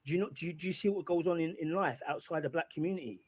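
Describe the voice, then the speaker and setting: A man's voice: fairly high pitch, racing, slightly rough. An English man arguing his point on a heated call, stumbling and repeating himself as he talks. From England. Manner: argumentative, repeats himself, stumbles over words. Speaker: guest on a call-in show.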